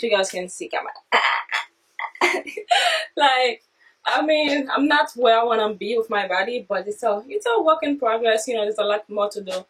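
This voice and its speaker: A woman vlogging casually from her basement, chatting straight to viewers, excitable and swearing freely. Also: a little high, recorded from a distance, a little hiss or hum, rough recording. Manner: excitable, swearing, talks straight to viewers, non-native grammar. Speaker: vlogger unboxing her own fitness products. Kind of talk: casual unboxing vlog. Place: home basement.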